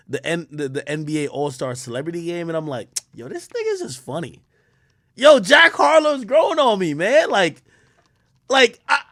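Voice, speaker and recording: Dude on a live stream just riffing with chat, cursing a lot, voice jumping up and down, kinda high. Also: male voice, dry recording, studio quality. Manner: loose and profane, reacting to chat, swings loud and quiet. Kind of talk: casual livestream chat.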